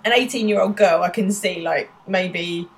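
A woman's voice: medium pitch, normal speed. A woman co-hosting a podcast, chatting casually and laughing as she recaps a TV episode. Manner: chatty, laughing, many "like" fillers. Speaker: podcast co-host.

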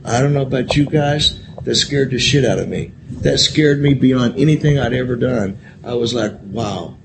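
Telling a convention crowd about his recovery, this man is candid and profane, addressing them directly and repeating phrases for emphasis. He gets emotional at times; his mid-range voice has vocal fry and a normal speed, against a noisy background.

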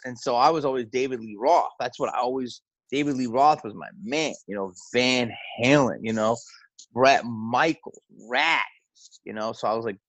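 A man's voice: medium pitch, moderate pace, fairly bright tone, dry recording, low-quality recording. A comedian being interviewed, telling loose rambling stories and acting out the people he quotes. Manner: loose, rambling storyteller who acts out quotes. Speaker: comedian guest. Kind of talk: casual interview talk.

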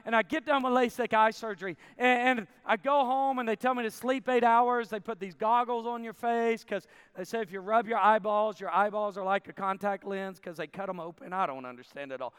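A man in his forties from Arkansas delivers a sermon in a high, resonant voice. He tells his story with animated bursts of shouting and falls back to hushed intensity. The dry close sound is followed by a long reverb from the large hall. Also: clear, resonant tone. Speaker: camp preacher.

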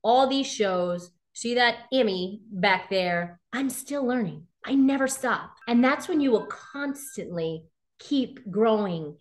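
A middle-aged woman being interviewed, animated and laughing often, acting out quoted voices as she tells stories. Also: fairly high pitch, slow pace. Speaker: interview guest. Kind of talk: casual interview talk.

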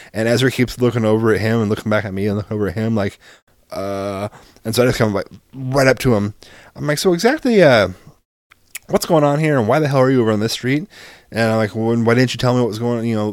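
A man's voice: lowish voice, dry recording, clean studio sound. A man casually telling a story about his child, acting out the dialogue and swearing freely. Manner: animated, acts out both sides of dialogue, swears freely.

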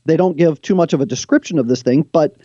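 A man who is a guest on the show, retelling stories from scripture in an animated way and reading passages aloud. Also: on the high side, quick pace, no echo, dull audio.

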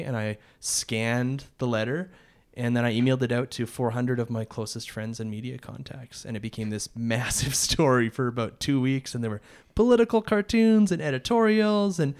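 A man's voice: medium pitch, steady tone, a little fast, hardly any pauses, clean tone. A man, a podcast co-host, telling a long story in a rambling casual way, full of restarts and short laughs.

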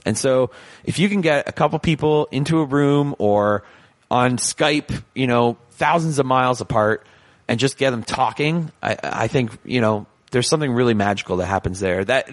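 A man hosting a podcast in casual chat, animated and joking, rambling with restarts. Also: mid-range voice, no echo. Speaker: podcast host.

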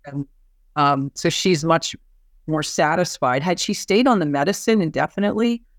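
A woman's voice: sits low, normal speed, no room sound, clean studio sound. Woman physician recounting a patient case. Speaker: physician and therapist. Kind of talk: podcast conversation.

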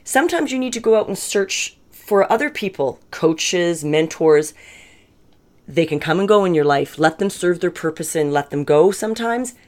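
Chatty middle-aged woman, lowish voice. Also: lively intonation, normal speed, darkish tone. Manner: chatty and candid, self-described bossy, frequent restarts. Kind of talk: casual personal storytelling.

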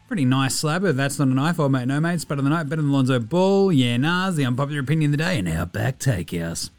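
Joking Australian man, fairly high voice. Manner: jokey, slangy, rambling banter. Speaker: podcast host. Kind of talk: casual sports podcast chat.

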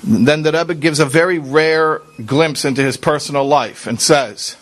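A man teaches as a rabbi in an earnest, conversational sermon, his voice sitting somewhat higher than most men's. He speaks straight to his listeners with rhetorical questions and sprinkles in Hebrew and Yiddish religious terms. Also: measured pace, a little hiss or hum. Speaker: rabbi giving a Torah class.

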